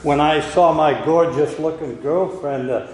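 A man's voice: a little high, steady tone, a little slow. An older Canadian man and missionary preacher, giving a sermon testimony with a chuckling, self-deprecating storytelling manner, recorded in a large hall. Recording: echoey hall with long reverb.

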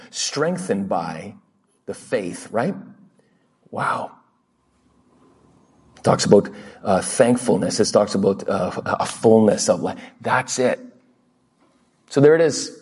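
A man preaching a lively sermon as a pastor, acting out little quoted exchanges in different voices. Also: lowish voice, breathy edge. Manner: animated, acts out quotes in funny voices. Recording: long hall reverb.

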